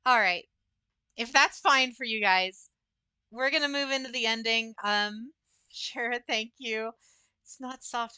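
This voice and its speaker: Here a young woman streams a game and chats loosely with viewers, wandering from point to point with many fillers. She speaks slowly at a fairly high pitch, her tone sharp, clear and resonant, and there's no room sound.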